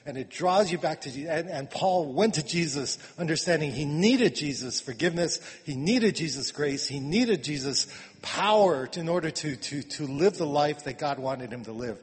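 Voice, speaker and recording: A man preaching a sermon in a conversational way, repeating words and swinging from quiet asides to emphatic urging. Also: on the high side, lively intonation, normal speed, hardly any pauses. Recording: long reverb of a hall.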